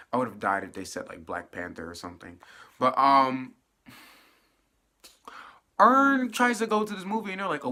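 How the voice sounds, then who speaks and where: A late-teen young man rattles through an episode recap in a loose, sweary, animated way. His pitch swings widely from phrase to phrase. The voice itself sounds bright and a little tense. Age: late teens. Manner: animated, profane storytelling with fillers. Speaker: TV episode reviewer. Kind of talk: casual spoilery recap.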